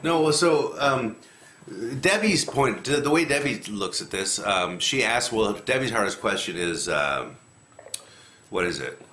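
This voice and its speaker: A man casually talking through a Bible passage, rambling a little and acting out the quotes with lively rises in pitch. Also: unhurried. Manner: animated, acts out quotes with rising pitch, rambling. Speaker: lectionary commentator. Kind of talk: casual scripture discussion. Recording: echoey room, faint noise.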